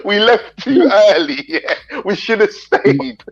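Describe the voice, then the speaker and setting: A man from England chatting casually as the host, telling animated stories and laughing often. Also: sits high, takes it slowly. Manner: animated storyteller, mimics voices, laughs often. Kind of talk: casual chat on a livestream. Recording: dull lo-fi stream audio with faint music.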